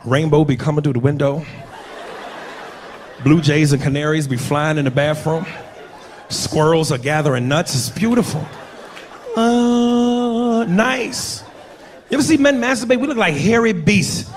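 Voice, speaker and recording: A man doing a profane stand-up comedy routine with loud impressions on a club stage. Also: on the high side. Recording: live club with loud crowd and noise. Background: audience laughter.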